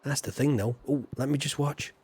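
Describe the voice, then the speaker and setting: A man's voice: medium pitch, a little fast, darkish tone, breathy edge. Chatty man streaming. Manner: rambling, jokey, chatty asides. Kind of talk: casual gameplay commentary.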